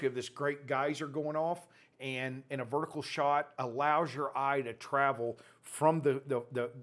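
A man, a nature photographer from West Texas, teaching by walking through his own photos in a blunt, folksy, opinionated way. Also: medium pitch. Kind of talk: casual talk to camera, walking through his images.

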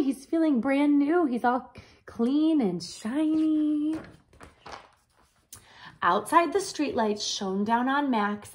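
A woman reading a picture book aloud to children in a gentle voice, stopping to add her own comments. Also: high-pitched. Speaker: storyteller.

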